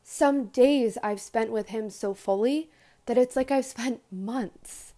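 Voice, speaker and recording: Young female podcast host, slightly high voice, earnest and rambling, lively quoted asides. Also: takes it slowly. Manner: earnest, rambling, many fillers and restarts. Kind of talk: casual spiritual monologue.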